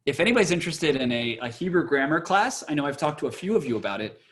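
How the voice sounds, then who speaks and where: A man's voice: fairly high pitch, big pitch swings, quick pace, fairly bright tone. A man teaching a cantor's class on a video call, chatty and playful, slipping into chant.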